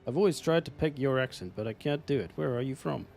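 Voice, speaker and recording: A man's voice: medium pitch, quick pace, creaky, a little mellow, faint music behind. A man with an English accent, casually commenting on a strategy game on a live stream, swearing now and then and answering chat. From England. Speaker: gaming streamer.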